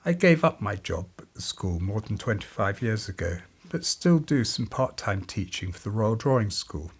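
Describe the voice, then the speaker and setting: A man's voice: lowish voice, very animated, moderate pace, slightly rough. A man in his fifties, an artist and part-time teacher, telling wry stories to camera with dry humour. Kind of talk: reflective storytelling to camera.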